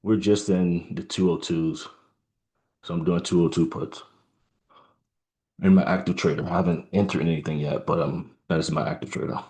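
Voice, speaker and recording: A man giving halting live trading commentary, musing aloud with many fillers and restarts, sounding tired. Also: deep voice, steady tone, a little mellow. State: yawning, tired. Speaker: trader.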